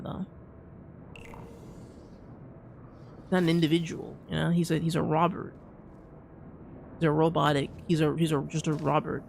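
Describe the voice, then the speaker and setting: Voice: medium pitch, gravelly, slight background noise. A game streamer giving casual gameplay commentary, rambling with lots of restarts and repeats and an easy "dude" here and there. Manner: calls people "dude".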